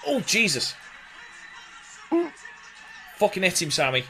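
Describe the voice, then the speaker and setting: Podcast guy watching wrestling, kinda high voice, laughs loads, gets loud when it's exciting. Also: takes it slowly, soft background music. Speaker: podcast co-host. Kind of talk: casual watchalong commentary.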